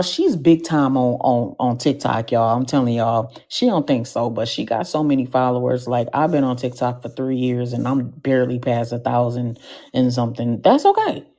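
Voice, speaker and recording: A woman hosting a live podcast show, telling stories in an animated, slangy way with comic asides to the audience. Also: rumbling low. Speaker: podcast host.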